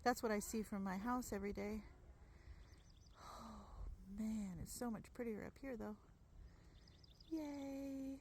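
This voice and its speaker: A woman's voice: medium pitch, fairly even intonation, moderate pace, long pauses, a little hiss or hum. A woman narrating a casual hiking vlog in a gushing, enthusiastic way, recorded on a handheld phone on an outdoor forest trail. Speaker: vlogger.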